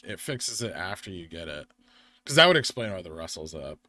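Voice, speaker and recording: A man's voice: sits low, expressive, normal speed, sharp tone, a little hiss or hum. A tired young man from the United States hosting a live stream, rambling casually while he reads the chat and the charts. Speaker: livestream host.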